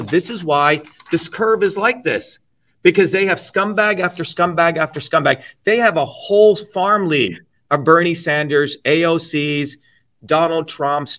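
A man on an interview show speaks bluntly and emphatically, with a fairly high voice. He drives his points home with profanity and sounds a little distant from the microphone. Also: fairly bright tone. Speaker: interview guest. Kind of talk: casual interview talk.

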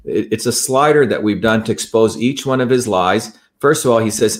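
A man's voice: on the low side, normal speed, few pauses. A man presenting to an online audience in a heated talk, emphatic and accusatory, often restarting his sentences.

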